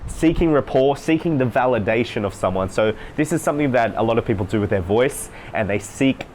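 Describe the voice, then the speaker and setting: A man's voice: mid-range voice, lively intonation, a little fast, darkish tone, slight background noise. Emphatic male coach talking to camera. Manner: emphatic, repetitive, mimics voices to demonstrate. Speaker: social life coach. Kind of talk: solo talk to camera, coaching monologue.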